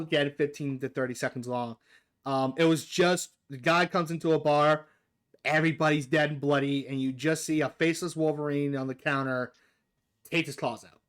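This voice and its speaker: Excitable, cursing man hosting a gaming chat. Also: on the high side, fairly quick, clean tone. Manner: excitable, swears freely, talks over the guest. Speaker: podcast host.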